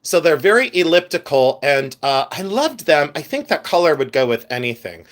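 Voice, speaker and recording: A man's voice: fairly high pitch, big pitch swings, moderate pace, a bit bright. Giggly man chatting on a livestream. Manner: giggly, laughs often, rambling asides. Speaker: livestream host showing gems. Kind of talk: casual live-stream chat with viewers.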